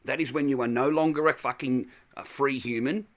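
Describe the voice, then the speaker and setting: A man's voice: mid-range voice, steady tone, brisk, a bit bright, dry recording. An Australian man ranting angrily in a vlog from his car, profane and repetitive. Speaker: vlogger. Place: in a parked car.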